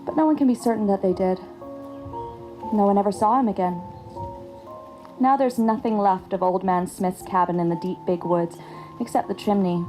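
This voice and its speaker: A woman reading a spooky family story aloud in an expressive, dramatic way. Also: medium pitch, normal speed, long pauses, music in the background, low-quality recording.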